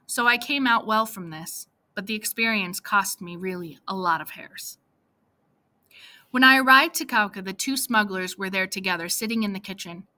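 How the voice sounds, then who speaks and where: A woman narrating a first-person story for an audiobook in a plain, steady manner. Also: mid-range voice, normal speed.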